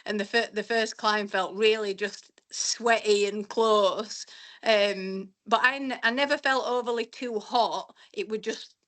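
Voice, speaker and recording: A woman's voice: medium pitch, fairly even intonation, measured pace, a bit bright. A woman chatting casually on a podcast, rambling a little and restarting her sentences. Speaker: podcast co-host and race runner.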